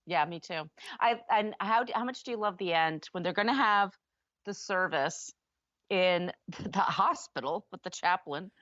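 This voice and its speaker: A woman's voice: fairly low pitch, unhurried, a bit bright, dry recording. A woman co-hosting a podcast, gushing and rambling emotionally in casual chat. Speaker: podcast co-host. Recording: dull, dry lo-fi sound.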